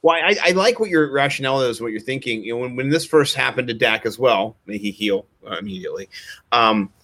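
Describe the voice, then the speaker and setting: A man's voice: medium pitch, lively intonation, fairly quick, sharp tone. A man co-hosting a casual fantasy football chat, talking in a rambling, jokey way.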